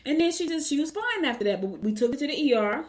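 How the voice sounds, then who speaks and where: Speaking quickly in a high voice, an older morning show host tells viewers an animated story in casual chat, addressing them as y'all.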